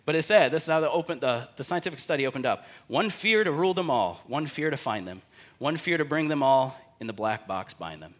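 A man preaching a sermon as pastor, animated, acting out stories and quotes in lively voices. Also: medium pitch, brisk.

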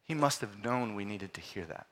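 A middle-aged man preaching a sermon, animated, swinging from loud exclamations to hushed, quiet phrases. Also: lowish voice, normal speed. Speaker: pastor.

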